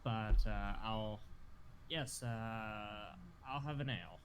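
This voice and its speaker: A man playing a tabletop game, speaking hesitantly in short halting bits. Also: lowish voice. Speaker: player. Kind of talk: casual tabletop game talk. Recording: distant mic, faint background noise.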